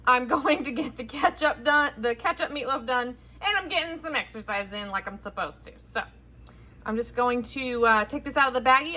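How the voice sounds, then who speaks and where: Lady in her 30s rambling while she cooks, bright high voice, phone cam in the kitchen. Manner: chatty, rambling, self-correcting. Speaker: vlogger cooking at home. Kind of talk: casual chat while cooking. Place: home kitchen. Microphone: handheld phone camera.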